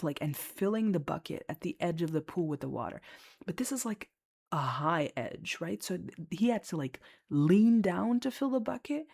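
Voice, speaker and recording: Woman with a low voice, casual storyteller, chatty, blunt and sweary, lots of filler words. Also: gravelly, darkish tone, breathy edge. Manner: chatty and candid, swears freely, heavy on fillers. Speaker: lifeguard.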